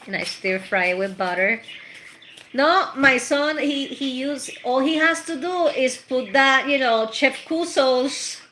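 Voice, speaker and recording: Slow-talking chatty woman, bright voice. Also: high voice, a little hiss or hum. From Puerto Rico. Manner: chatty and rambling, with laughs and Spanish slang. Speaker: tarot reader. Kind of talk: casual chat.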